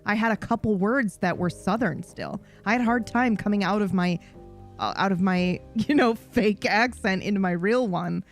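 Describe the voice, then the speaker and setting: A woman's voice: mid-range voice, moderate pace, faint music behind. A woman livestreamer in casual chat, rambling and swearing freely with a self-deprecating streak.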